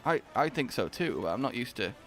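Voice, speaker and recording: Man, young adult, bright tense tone, gravelly edge, playful gaming banter. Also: mid-range voice, brisk, faint music behind. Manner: excitable, playful, bursts into shouts and laughter. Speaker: gamer co-host. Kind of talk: casual gaming chat.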